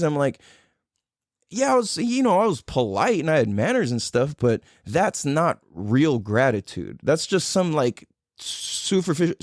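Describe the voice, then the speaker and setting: A man hosts a podcast and tells a personal story in loose, casual speech, with plenty of "like," "dude" and swearing. His pitch rises and falls a lot as he acts out his own past reactions. The recording is dry and close. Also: a little mellow, dry recording. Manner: loose and profane, full of "like" and "dude". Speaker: podcast host.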